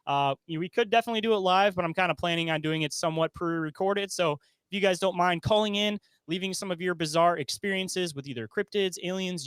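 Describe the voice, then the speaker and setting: A man's voice: high-pitched, fairly bright tone, smooth, dry recording. A man co-hosting a casual comedic podcast, joking and laughing often. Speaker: podcast co-host.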